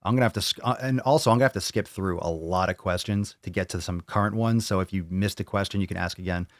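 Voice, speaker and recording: A man's voice: sits low, fast talker, no room sound, clean studio sound. A man hosting a live fitness Q&A, blunt and opinionated, swearing freely as he answers viewers. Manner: blunt and profane, opinionated rants. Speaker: fitness channel host answering viewer questions.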